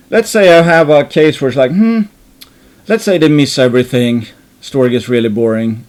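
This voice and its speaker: This is a man talking through his investment ideas in a loose, rambling way. He restarts sentences often and slips in casual swearing. His voice sits at an ordinary middle pitch. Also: a little mellow. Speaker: investing channel host. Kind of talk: thinking aloud about investing.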